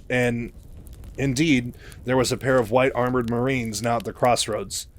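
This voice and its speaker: A man retelling a novel's story in a relaxed, chatty way. His delivery is loose and full of fillers and restarts, and his voice sits at an ordinary middle pitch. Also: normal speed.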